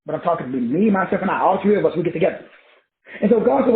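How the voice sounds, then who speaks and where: 60s man preaching casually, high lively voice, cussing, tinny audio in an echoey room. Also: fast talker. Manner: profane, animated, preachy. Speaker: spiritual teacher.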